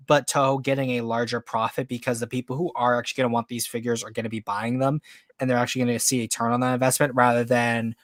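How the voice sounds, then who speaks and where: A man's voice: mid-range voice, dry recording, clean studio sound. A man hosting a casual podcast chat, loose and joking, with lots of "like". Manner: loose, joking, heavy use of "like". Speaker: podcast host.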